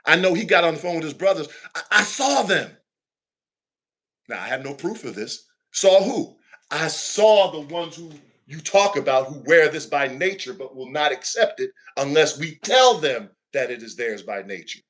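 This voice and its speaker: A man with a bright, somewhat high voice tells a story in a preacher's rolling cadence. He is animated and emphatic, a minister speaking on a talk show. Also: moderate pace.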